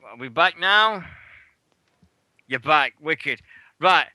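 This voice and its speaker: A British man hosting a wrestling radio show, telling a rambling, swear-filled anecdote and shouting out the quoted lines. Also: on the high side, animated, slow pace, dry recording. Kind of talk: casual storytelling chat.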